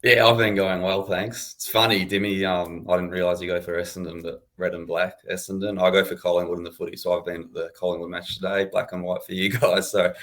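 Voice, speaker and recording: Deep, flat-voiced young Australian man. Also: fairly quick, few pauses. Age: 20s. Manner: relaxed, chatty, laughs easily. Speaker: guest, supporters' club founder. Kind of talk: casual podcast interview.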